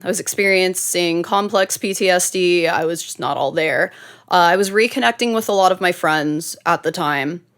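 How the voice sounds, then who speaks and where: A woman's voice: on the low side, moderate pace, fairly bright tone. A woman co-hosting a podcast, telling her story in casual chat, laughing often and swearing. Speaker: podcast co-host.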